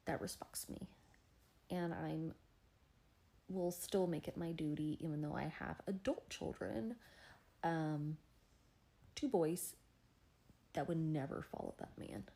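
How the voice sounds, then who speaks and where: Woman in her forties, lowish voice, very animated pitch, indignant, emphatic. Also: gravelly. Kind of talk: social media commentary.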